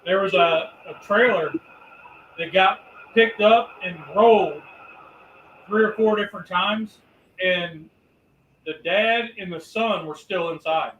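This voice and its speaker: A man's voice: sits high, slow pace, pauses often, fairly bright tone, lo-fi sound. A man chatting casually in an easygoing way about weather and everyday life. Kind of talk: casual chat. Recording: roomy distant mic with faint noise.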